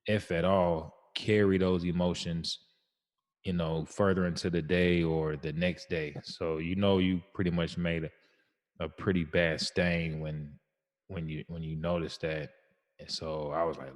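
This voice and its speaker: A man's voice: deep voice, level tone, unhurried, in a large hall. A man co-hosting a podcast about fatherhood, telling stories in a laid-back, slangy, reflective way. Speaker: podcast co-host. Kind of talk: casual chat.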